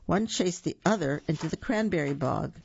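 A storyteller reading a children's story aloud, pausing for asides to young listeners. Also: mid-range voice, animated, creaky, a little mellow, breathy edge, no echo, lo-fi sound.

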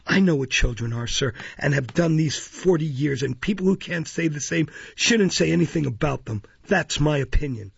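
A man's voice: fairly high pitch, expressive, normal speed, gravelly, hardly any pauses, slightly rough, highs cut off, exaggerated voice. A man voicing an elderly, firm, devoted housekeeper woman who speaks indignantly and insistently in a storybook reading.

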